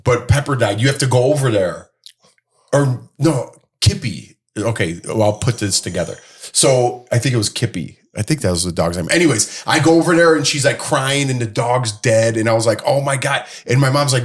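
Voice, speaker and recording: A man in his thirties co-hosting a casual podcast chat, telling a story and acting out the quoted lines. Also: fairly quick. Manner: animated storyteller, acts out quotes in a higher voice. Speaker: podcast co-host.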